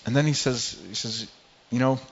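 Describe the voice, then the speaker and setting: Halting preacher man, dull lo-fi sound. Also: mid-range voice, steady tone, a little hiss or hum. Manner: halting, repeats words, quiet when moved. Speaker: pastor. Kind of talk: sermon with personal story.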